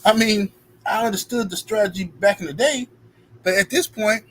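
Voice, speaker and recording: A man whose voice sits high talks at normal speed while hosting a live stream, reading super chats aloud and thanking donors. He's animated, with emphatic, playful street-style banter, captured in poor audio with slight background noise.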